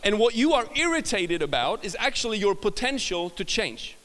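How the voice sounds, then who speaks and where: A Swedish preacher with a Swedish accent gives a sermon in a higher register, telling stories while stumbling over words, circling back with restarts, and laughing at himself. His voice is sing-song and a bit bright at a moderate pace, with a long reverb as though filling a large church hall.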